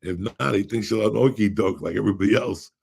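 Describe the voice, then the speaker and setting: Gravelly, husky man telling profane stories. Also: lowish voice, fast, darkish tone. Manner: profane, rambling storyteller with bursts of laughter. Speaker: podcast co-host. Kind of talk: casual storytelling chat.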